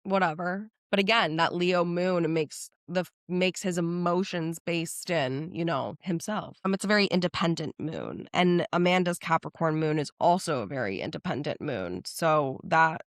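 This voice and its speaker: A young woman hosting a casual solo podcast, gushing and animated, chatting with lots of likes. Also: lowish voice, normal speed, hardly any pauses, no echo, studio quality. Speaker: podcast host. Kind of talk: casual solo podcast chat about astrology.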